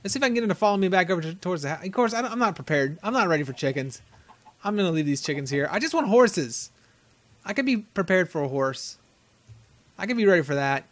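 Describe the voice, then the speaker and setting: High-voiced chatty gaming host. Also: male voice, expressive, quick pace, a bit bright. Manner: rambling, chatty, laughs often. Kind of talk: casual let's-play commentary.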